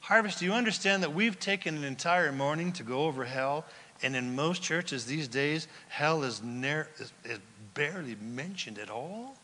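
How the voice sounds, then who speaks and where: A man preaching a sermon as pastor, urgent and emphatic, swinging between shouts and hushed whispers, asking the congregation questions. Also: fairly high pitch, moderate pace, a little hiss or hum. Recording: long hall reverb.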